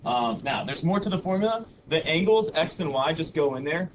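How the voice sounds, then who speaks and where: A man's voice: fairly high pitch, animated, fairly quick. Guy teaching math to his class, easygoing, chants formulas in rhythm, noisy room tone. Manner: patient, chanting rhythmic mnemonics. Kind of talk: classroom lecture. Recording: audible background noise.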